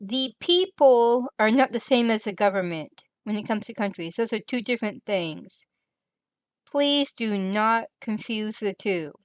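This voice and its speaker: A woman's voice: a little high, animated, measured pace, no echo, highs cut off. A woman co-hosting a comedy news show, talking bluntly and scolding. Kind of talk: casual chat.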